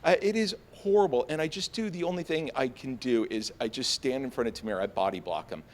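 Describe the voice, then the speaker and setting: An American man telling a story on stage before a live audience, animated and self-mocking, full of fillers and restarts. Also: medium pitch, a little fast. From United States.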